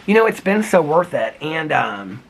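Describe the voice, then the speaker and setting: A man's voice: a little high, very animated, normal speed, creaky, background noise. A man vlogging outdoors in the cold, talking to camera in an earnest, rambling way with lots of "like" and restarts. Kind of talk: casual reflective talk to camera.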